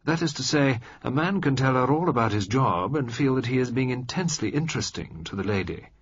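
A male narrator voicing a shrewd, self-assured older government minister who speaks in a dry, measured, decisive way. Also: mid-range voice, animated, slightly rough, pitched above the performer's own voice. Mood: deliberate. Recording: slightly muffled dry recording.

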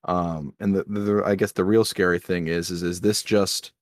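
A man's voice: low-pitched, flat delivery, moderate pace, dry recording, clean studio sound. A man co-hosting a casual podcast, talking earnestly with lots of ums and restarts. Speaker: podcast co-host. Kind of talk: casual drinking chat. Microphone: podcast mic.

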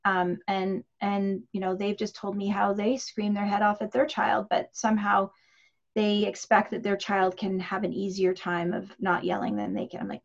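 A woman's voice: medium pitch, little pitch movement, normal speed, vocal fry. A woman parenting coach giving advice in a chatty way, full of fillers and restarts. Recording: dull lo-fi audio.

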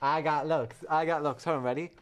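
A woman's voice: low voice, fairly even intonation, a little fast. A woman co-hosting a casual podcast, chatting and teasing her friends over a voice call. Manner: teasing, playful. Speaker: podcast co-host. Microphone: voice-call headset or computer mic.

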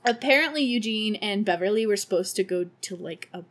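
A woman's voice: medium pitch, animated, brisk, a bit bright. A young woman hosting a podcast, recapping a film in a casual, sarcastic, profane way with laughing asides. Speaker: podcast host.

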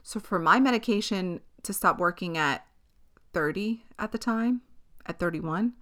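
A woman in her thirties hosting a solo podcast, telling a personal story in a candid, animated way. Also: fairly low pitch, unhurried. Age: 30s. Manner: candid, animated storytelling with frequent swearing and laughter. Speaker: podcast host. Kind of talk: casual solo podcast chat.

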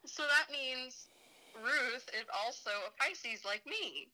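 A young woman with a bright, slightly high voice, chatting on a casual podcast. She talks slowly and laughs easily between remarks. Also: animated, rough recording. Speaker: podcast co-host. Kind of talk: casual chat.

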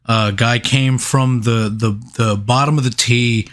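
A man in the middle of a podcast chat, spinning a rambling, profane story about his neighborhood. He talks at an ordinary pitch, casual and loose, with plenty of swearing and short laughs. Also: a little slow. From New York. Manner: profane, animated anecdote with laughs. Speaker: podcast co-host.

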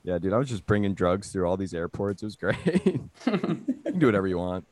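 A man's voice: deep voice, very animated, fairly quick, a little mellow, no echo. A young man telling rambling stories as co-host of a casual comedy podcast, full of fillers. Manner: rambling storyteller, many fillers.

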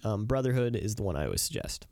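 A man's voice: lowish voice, huge pitch swings, quick pace, creaky, a little mellow, no room sound, studio quality. A man co-hosting a podcast in casual chat, talking earnestly and rambling, easily moved. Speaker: podcast co-host.

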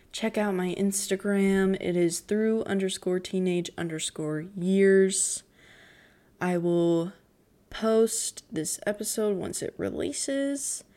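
Teen girl podcaster, slow and rambling, voice quaking near tears. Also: medium pitch, gravelly, dark tone. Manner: emotional, near tears, giggly, rambling with many "like"s. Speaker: podcast host. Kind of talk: casual solo podcast recap.

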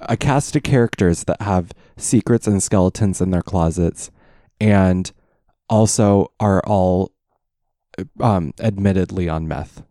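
Man, low voice, casual chat, joking, filler-heavy. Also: dark tone, no room sound, clean studio sound. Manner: joking, crude, halting with fillers.

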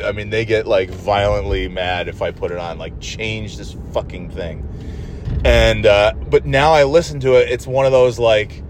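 Male solo host, profane rambling rants, in-car recording with light engine hum. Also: mid-range voice. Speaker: podcast host.

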